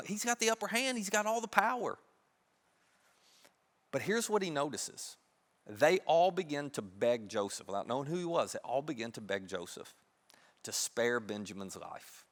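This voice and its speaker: A man preaching a sermon, retelling a story in an animated, humorous, conversational way. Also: medium pitch, in a large hall. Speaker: pastor. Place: church sanctuary.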